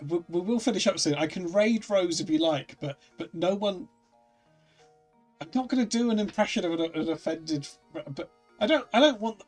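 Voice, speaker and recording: A man streaming a puzzle game in casual chat, rambling and self-mocking with many quick restarts. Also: high-pitched. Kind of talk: casual let's-play chat.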